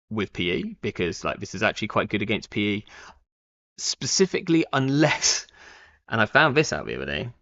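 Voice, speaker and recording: A young man chats through his card game on a live stream, thinking aloud, full of fillers and restarts. His voice sits fairly low but rises and falls a lot as he talks. The stream audio is dull and lo-fi. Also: a bit bright. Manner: rambling, thinks aloud with many fillers and self-corrections. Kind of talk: casual live-stream commentary.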